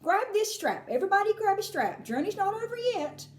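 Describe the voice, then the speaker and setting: A bouncy, eccentric candy-maker, read out by a woman who hurries everyone along with a teasing, theatrical flair. His voice leaps high and low in a roomy, echoing space. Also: sing-song, a little fast. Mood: brisk. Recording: roomy echo.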